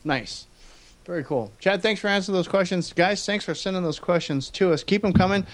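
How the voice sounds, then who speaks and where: A man's voice: sits high, fairly quick. A man hosting a car podcast in casual chat, reading sponsor plugs in an upbeat way. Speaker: podcast host.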